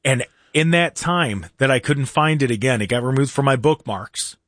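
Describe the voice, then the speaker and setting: A man hosts a talk radio show, bantering sarcastically and rambling through restarts. His mid-range voice has lively intonation, normal speed, and a slight brightness. The recording is dry, with a clean studio sound.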